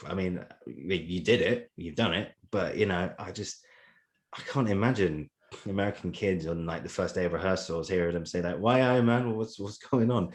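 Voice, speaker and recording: A man with a very low, deep voice hosting a podcast. He rambles casually with many fillers and chuckles between his points. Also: normal speed. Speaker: podcast host. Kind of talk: casual interview chat.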